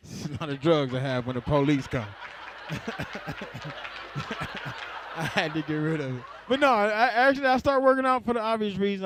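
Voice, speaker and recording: A young adult man performing stand-up comedy. He talks in a laid-back way and keeps laughing at his own jokes. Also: a little high.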